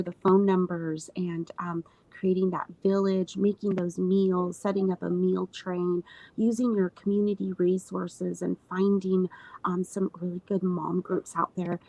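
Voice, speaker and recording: A woman postpartum doula talking as a guest in a casual interview, earnest, with many fillers and lively retelling. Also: on the low side, no room sound, rough recording.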